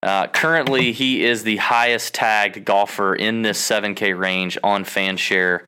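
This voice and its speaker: Man, podcast co-host, casual, hedging, bright and crisp voice. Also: fairly low pitch, steady tone. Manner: lists names briskly, hedging with "I believe".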